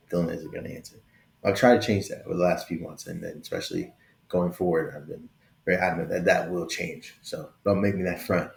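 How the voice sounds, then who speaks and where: A man's voice: sits low, gravelly, a little mellow, reverberant. A man around thirty hosting a casual tech vlog, talking openly and conversationally and often checking in with "right?". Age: late 20s to early 30s. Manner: conversational, keeps adding "right?", affectionate and open. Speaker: tech video host.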